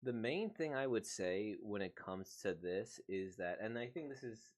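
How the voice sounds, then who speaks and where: A man's voice: fairly low pitch, expressive, measured pace. A man hosting a manga reaction, rambling and thinking aloud in casual commentary.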